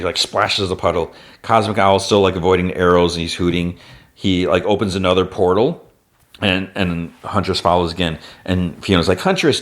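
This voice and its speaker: A man hosting a podcast, casually recapping a cartoon episode scene by scene. He uses a lot of "like" fillers and lifts his voice briefly when he quotes a character. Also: sits low. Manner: retells plot with constant "like" fillers. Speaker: podcast host.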